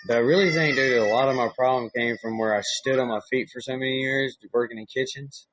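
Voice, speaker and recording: A man's voice: mid-range voice, fairly even intonation, fast, a bit bright, no echo. A middle-aged man with a Southern US accent, a podcast host in casual chat, laid-back and swearing a lot. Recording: dull, muffled dry recording.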